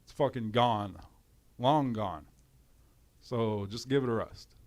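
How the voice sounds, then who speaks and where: A man's voice: medium pitch, slow pace. A man with a runny nose, ranting on a livestream in a profane, exasperated way. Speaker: livestream commentator. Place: home in cold weather.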